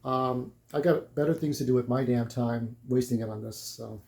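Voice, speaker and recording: A man's voice: mid-range voice, steady tone, moderate pace, vocal fry, dark tone, echoey room. A man ranting casually to camera in a blunt, rambling way, swearing freely. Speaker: YouTuber vlogging to camera.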